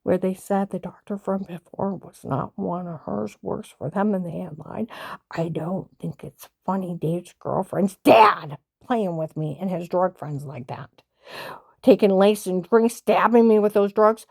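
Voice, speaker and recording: Style: indignant rambling monologue. Sex: woman. Pitch: mid. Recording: dry. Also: measured pace, gravelly, darkish tone, slightly rough, no echo.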